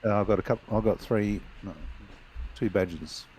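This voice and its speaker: A man on a stream call replies in short, relaxed answers. His voice is very deep, and there is a faint hiss under it. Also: normal speed, low-quality recording. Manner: laid-back, brief replies. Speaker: guest on a stream. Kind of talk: casual chat.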